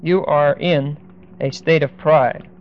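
A man teaching a verse-by-verse Bible lesson, speaking deliberately and with emphasis, stopping now and then to look up verses. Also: a little high, steady tone. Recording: dull lo-fi recording.

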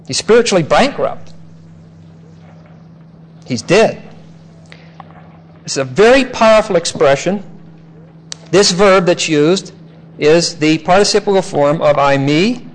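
Higher-voiced man teaching from the Bible. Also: animated, low-quality recording. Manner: measured, emphatic, spells out Greek words. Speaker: preacher.

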